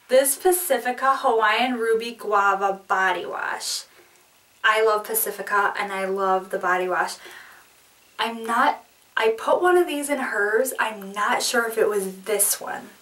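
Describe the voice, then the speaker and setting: A woman beauty vlogger in casual chat, opening a package, giggly, excitable and apologetic. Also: a little high, a little slow, far from the mic, low-quality recording.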